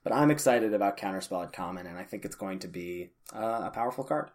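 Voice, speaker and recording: A man's voice: lowish voice, lively intonation, fast. A man co-hosting a podcast in casual chat, often restarting his sentences and arguing a skeptical point. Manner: hesitant restarts, skeptical and argumentative. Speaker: podcast co-host. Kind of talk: casual chat about card-game strategy.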